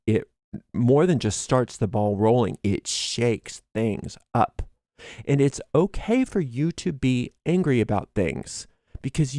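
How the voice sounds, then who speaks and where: A man giving a daily tarot reading in a lively, animated monologue, laughing and acting out quoted voices, often restarting his sentences. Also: mid-range voice, no echo, clean studio sound. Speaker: tarot reader.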